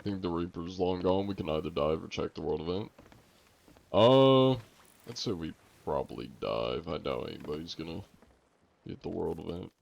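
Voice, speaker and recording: A young adult man streaming a game live, chatting casually with viewers in a relaxed, rambling way full of fillers. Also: sits low, moderate pace, gravelly, slight background noise. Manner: relaxed and rambling, lots of "like" and fillers, joking with chat. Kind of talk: casual live-stream chat while gaming.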